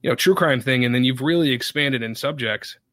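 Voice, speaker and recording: Bright-voiced man chatting, dry sound. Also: mid-range voice, fairly quick, no room sound. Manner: relaxed, chatty, many fillers. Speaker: podcaster guest. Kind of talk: casual podcast chat.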